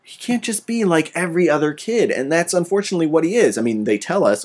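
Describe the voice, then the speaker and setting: A man's voice: fairly high pitch, animated, quick pace, few pauses, darkish tone, breathy edge. A man hosting a casual podcast chat, ranting animatedly and swearing freely.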